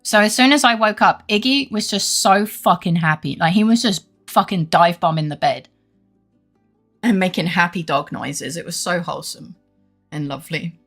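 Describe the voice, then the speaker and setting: A bright-toned woman chats to her live-stream audience in a loose, sweary, laughing way. Her voice carries some vocal fry, and faint music plays underneath. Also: on the low side, normal speed. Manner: chatty, swears freely, laughs often. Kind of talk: casual live-stream chat with viewers.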